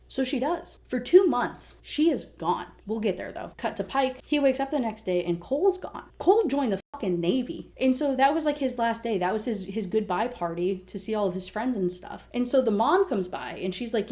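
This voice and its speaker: A young woman recaps a novel in a casual rant, full of filler "likes" and swearing. She quickly acts out bits of the characters' dialogue as she goes. Her voice sits at an ordinary pitch with a warm, mellow tone. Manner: animated retelling with quick quoted dialogue; frequent "like" and profanity. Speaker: book reviewer.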